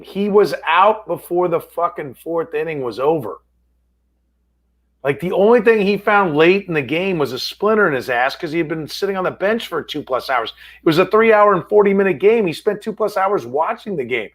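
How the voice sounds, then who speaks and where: A man's voice: sits high, animated, normal speed, fairly bright tone. A man co-hosting a late-night sports podcast, talking in a sarcastic, profane way. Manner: sarcastic, profane, mock-quoting players. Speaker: podcast co-host.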